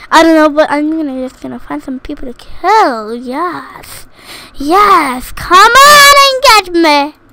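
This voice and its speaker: A woman's voice: very high-pitched, fairly bright tone, slight background noise. A woman giving playful gameplay commentary, giggling, singing little la-las and taunting other players in a mock-menacing way. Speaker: gaming YouTuber.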